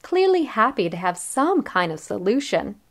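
A woman's voice: mid-range voice, sing-song, moderate pace. A woman reading a first-person story aloud in a cheerful, playful and teasing manner. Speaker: narrator.

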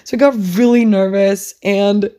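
A woman's voice: mid-range voice, fairly even intonation, moderate pace, mellow. A young woman hosting her own podcast, rambling in a casual, chatty way and often saying "like" and "oh my God". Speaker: podcast host.

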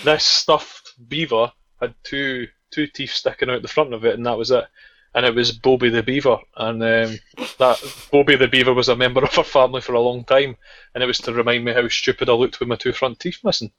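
A man's voice: mid-range voice, steady tone, brisk, a bit bright, no echo. A Scottish man hosting a casual podcast, steering the talk and teasing his friends. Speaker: podcast host. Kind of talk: casual chat. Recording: dull lo-fi podcast audio.

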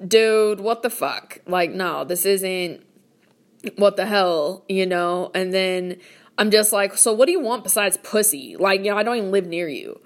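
A woman's voice: mid-range voice, moderate pace. A woman in her late twenties ranting casually about a guy, blunt and swearing constantly, with a lot of filler "like". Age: late 20s. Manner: blunt, heavy swearing, lots of "like". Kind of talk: casual storytelling rant.

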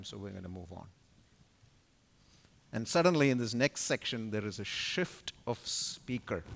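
A man giving an expository Bible teaching at a conference, emphatic and full of rhetorical questions, his loudness rising and falling sharply. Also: medium pitch. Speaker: conference speaker teaching scripture. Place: conference venue.

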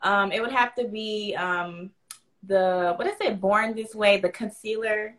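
Woman podcast guest from Florida, light Southern accent, mid pitch, relaxed and giggly. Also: unhurried. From Florida, USA. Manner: relaxed and giggly, talks in loose run-on phrases. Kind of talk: casual girl-talk interview.

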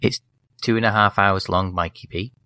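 A man's voice: fairly low pitch, fairly even intonation, normal speed, pushed and bright, no room sound. A man co-hosting a podcast, chatting about films in a wry, teasing way. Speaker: podcast co-host. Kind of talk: casual film chat. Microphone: desk microphone.

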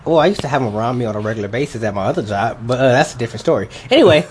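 A man's voice: medium pitch, very fast, a little hiss or hum. Joking, profane man chatting casually. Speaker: podcast co-host. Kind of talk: casual chat.

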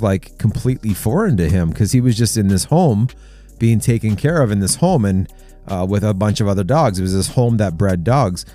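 A man's voice: on the low side, mellow. A man hosting a casual Christian men's talk, telling stories in an earnest, chatty way. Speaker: host.

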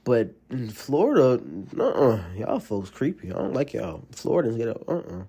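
A man with a Southern US accent from Alabama, hosting a casual solo podcast and telling rambling, animated stories full of fillers. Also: mid-range voice, moderate pace, breathy edge. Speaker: podcast host.

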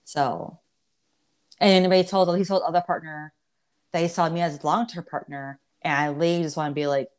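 Young woman podcaster, lowish voice, swears a lot, laughs a lot, talks in stops and starts. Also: steady tone, fairly quick, smooth. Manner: candid, profane, laughs often, many restarts. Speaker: podcast host. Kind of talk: casual chat.

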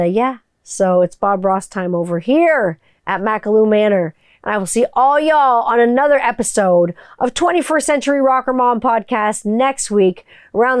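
A woman's voice: a little high, darkish tone, clear, resonant tone, dry recording, clean studio sound. A middle-aged woman hosting her own podcast, rambling casually and swearing freely as she signs off. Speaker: podcast host. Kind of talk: casual podcast sign-off chat.

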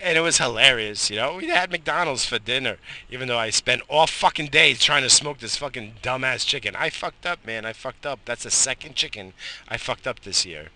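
A man's voice: mid-range voice, moderate pace. A man in his thirties hosting a morning show, ranting casually with heavy swearing, coughs and sighs, recorded outdoors while smoking. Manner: profane, animated ranting with frequent coughs and sighs. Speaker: host of a morning radio show. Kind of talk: casual rambling monologue.

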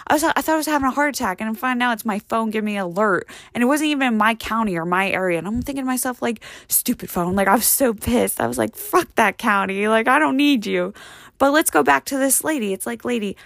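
A woman's voice: on the high side, rapid-fire, gravelly, few pauses, dry recording. A young adult woman in a profane comedic rant, brash and rambling, full of "like" and "you know". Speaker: comedic monologue performer.

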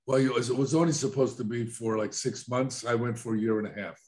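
A man's voice: mid-range voice, steady tone, fast talker, darkish tone. An older man talks plainly as an interview guest. He recounts events in a casual way, voicing the lines of the people involved. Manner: plainspoken, recounts with quoted dialogue. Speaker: guest, addiction counselor.

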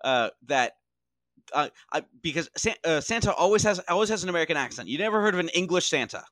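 Man, casual comedic debate, high voice, bright tone, dry close sound, insistent. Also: expressive, quick pace, no room sound. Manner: insistent, repeats himself, swears for emphasis. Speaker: podcast co-host.

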